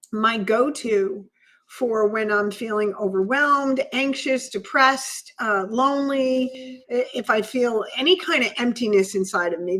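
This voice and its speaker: A woman's voice: a little high, a bit bright, low-quality recording. A woman co-hosting a podcast, telling a personal story in an earnest, emotional way. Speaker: podcast co-host. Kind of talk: storytelling in casual chat.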